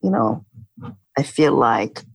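Middle-aged female guest, husky with a gravelly edge, reflective and halting, dry recording. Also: very deep voice, expressive, dry recording. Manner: halting, reflective, many fillers. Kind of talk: casual interview talk.

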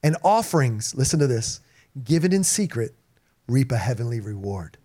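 A male pastor preaching a sermon to his congregation, energetic, repeating himself and calling out to the room. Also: medium pitch, moderate pace. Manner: energetic preaching with repetitions and call-outs to the congregation. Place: church in front of a congregation.

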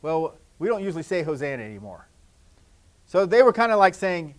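Male pastor, fairly high voice, children's sermon, gentle and repetitive, sometimes loud, sometimes hushed. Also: very animated, brisk.

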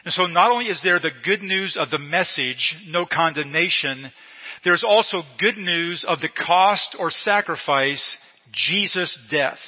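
A middle-aged male pastor preaching a sermon slowly and emphatically, repeating key phrases. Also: on the high side. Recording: long reverb in a hall, dull lo-fi sound.

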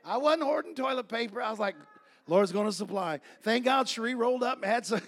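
A male pastor preaching a sermon, reading scripture and telling stories, building to loud shouts. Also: extremely high pitch, quick pace, background noise.

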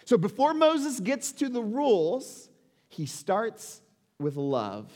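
A man's voice: high voice, huge pitch swings, slow pace, a little mellow. Emphatic man in his forties preaching. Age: 40s. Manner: conversational and emphatic, with rhetorical questions. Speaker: pastor. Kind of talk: sermon. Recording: long reverb of a large hall.

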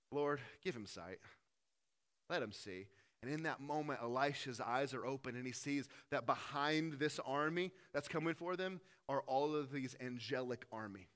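A man preaching a sermon, swinging between loud emphasis and quiet, earnest moments. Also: medium pitch. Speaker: pastor.

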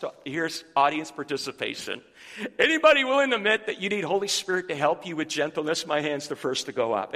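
Bright-voiced male pastor preaching in a hall. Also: high-pitched. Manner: animated storytelling, scripture reading, rhetorical questions to the congregation. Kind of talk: sermon. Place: church sanctuary.

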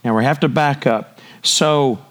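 A man's voice: mid-range voice, unhurried, fairly bright tone. A man preaching a sermon, speaking emphatically and posing rhetorical questions to the congregation. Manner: draws listeners in with repeated cues.

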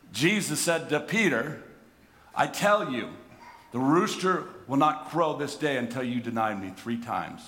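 A middle-aged man preaching a sermon, swinging from hushed reflection to loud, impassioned emphasis and often repeating words as he restarts phrases. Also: mid-range voice, expressive, a little slow. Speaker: pastor.

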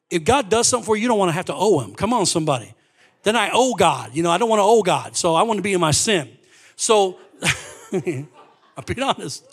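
A man preaching a sermon as pastor, telling a personal story with animated swings from quiet asides to loud exclamations. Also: sits high.

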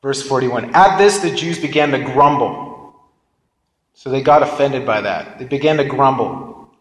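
A man's voice: mid-range voice, lively intonation, unhurried. A man preaching a sermon and reading scripture, talking conversationally and prodding his listeners with asides. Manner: conversational, keeps prodding listeners with "get this" and "right?". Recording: echoey reverberant hall.

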